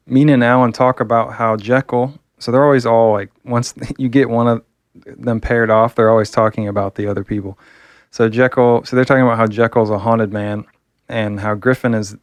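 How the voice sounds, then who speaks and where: A man's voice: on the low side, steady tone, normal speed, dry recording. A man reviewing a comic book, talking casually and enthusiastically, rambling with fillers.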